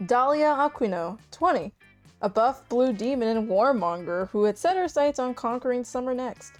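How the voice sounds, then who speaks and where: Woman streamer, reads game text aloud, playful, giggly asides, fairly high voice. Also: lively intonation, moderate pace, soft background music. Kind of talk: reading game narration aloud to friends.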